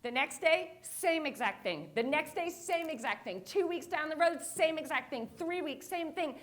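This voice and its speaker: High-pitched lady telling a story on stage, acts out her own reactions. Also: expressive, normal speed. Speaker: keynote speaker. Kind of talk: motivational storytelling talk. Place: conference stage.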